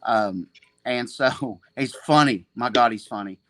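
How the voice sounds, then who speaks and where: A man's voice: mid-range voice, a little slow, a bit bright, dry recording. Profane, rambling man telling stories. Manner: profane, rambling, self-mocking. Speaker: podcast guest, jiu-jitsu gym owner. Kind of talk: casual storytelling.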